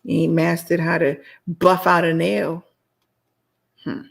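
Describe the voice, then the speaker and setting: Answering her live chat during a solo podcast she hosts, a woman delivers a blunt, sassy, repetitive rant. Her lowish voice is gravelly and slightly rough, flat in delivery, and she takes it slowly.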